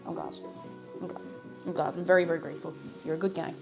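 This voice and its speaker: A woman's voice: low-pitched, steady tone, fast talker, vocal fry, music in the background. A woman streamer, chatting casually while cooking on a live stream, playful and often breaking off mid-sentence. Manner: chatty, self-interrupting, playful.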